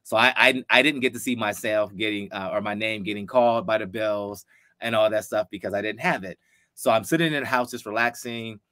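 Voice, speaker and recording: A man in his fifties from Ohio with a lowish, bright, forceful voice. He tells animated stories in a casual interview and acts out each line of dialogue. The sound is dry and close. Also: fairly quick, dry recording. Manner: animated storyteller who acts out quoted dialogue. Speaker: guest, former football player.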